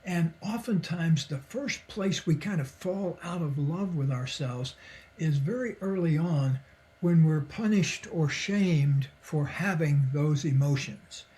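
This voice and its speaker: A man's voice: a little high, slow pace, dark tone. Older man telling stories with chuckles. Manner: reflective, chuckles often, acts out quoted voices. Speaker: podcast guest, psychologist and author. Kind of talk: relaxed conversational storytelling.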